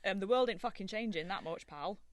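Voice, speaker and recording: A woman co-hosting a podcast, chatting in a rambling, animated way and swearing casually. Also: medium pitch, a little fast, dry recording, studio quality. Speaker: podcast co-host. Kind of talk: casual chat.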